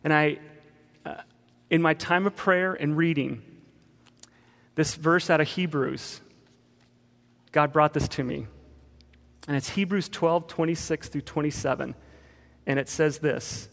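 A man telling a personal testimony in a sermon, animated, sometimes shouting. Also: fairly high pitch, unhurried, vocal fry, pauses often, big-room sound. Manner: animated storytelling, bursts of shouting.

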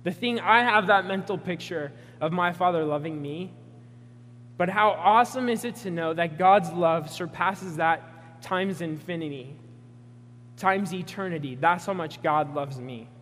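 A young man gives an earnest sermon and tells a personal story, with fillers scattered through his talk. His voice sits a little high. The sound rings with a long hall reverb over a faint hum. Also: a little slow, fairly bright tone. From Pacific Northwest US. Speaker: preacher.

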